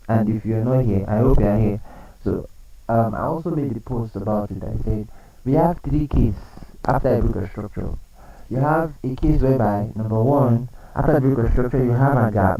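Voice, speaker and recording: A man's voice: mid-range voice, dark tone, distant mic, a little hiss or hum, low-quality recording. A man running a live trading lesson, explaining chart setups, repeating key points and quizzing his viewers. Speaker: trading coach.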